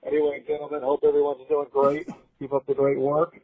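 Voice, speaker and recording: Fast-talking man on a tinny phone line. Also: a little high, completely flat delivery, husky, no room sound. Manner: rambling, upbeat, lots of fillers. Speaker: podcast co-host calling in. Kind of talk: casual chat. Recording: phone-quality line, dry.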